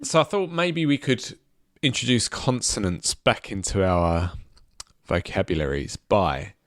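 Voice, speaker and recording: A man's voice: on the low side, unhurried, fairly bright tone, no echo, studio quality. A man co-hosting a podcast, laughing often and directing his co-hosts through a silly game. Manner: giggly, bossy, sets up games. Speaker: podcast co-host. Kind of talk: casual comedy chat.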